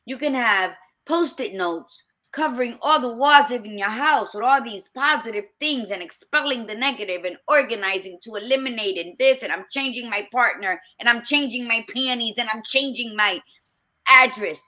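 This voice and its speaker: A woman's voice: fairly high pitch, normal speed, sharp tone. A middle-aged woman co-hosting a podcast, talking bluntly and emphatically with frequent swearing. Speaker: podcast co-host. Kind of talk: casual chat.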